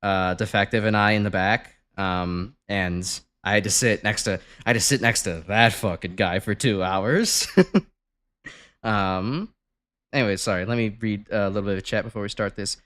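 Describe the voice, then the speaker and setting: A man's voice: on the low side, fairly even intonation, moderate pace, fairly bright tone. A young man streaming a game from home, chatting casually, rambling and swearing with lots of fillers. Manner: rambling, swears often, many fillers, laughs easily.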